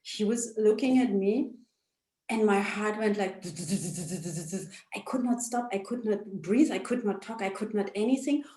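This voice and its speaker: A woman telling a personal story in a casual interview, emotional and halting, with many restarts, over a video call. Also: mid-range voice, warm tone, reverberant. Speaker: interview guest, actress.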